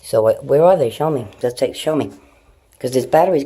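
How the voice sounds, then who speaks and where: A woman's voice: extremely low pitch, unhurried, long pauses, warm tone, husky. A middle-aged woman vlogging from home, rambling loosely, swearing freely and chatting to her pets. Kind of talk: casual rambling chat to camera. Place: at home, indoors. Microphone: phone held in hand.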